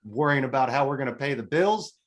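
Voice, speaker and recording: A man's voice: mid-range voice, lively intonation, brisk. A man as a podcast guest, telling a personal story in a casual, earnest and emotionally open way, rambling with restarts and self-corrections.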